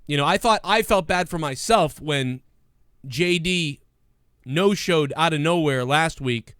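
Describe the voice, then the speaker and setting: A man's voice: fairly high pitch, unhurried, fairly bright tone, clean tone, dry recording, studio quality. A man hosting a casual comedy podcast, rambling and joking with lots of fillers. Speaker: podcast host.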